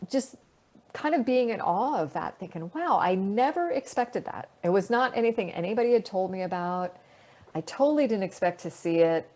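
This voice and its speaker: A middle-aged woman speaks over a video call with a slightly low voice. She tells her stories in a relaxed, animated way, with plenty of fillers and laughter. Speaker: astronaut guest. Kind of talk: casual storytelling answers.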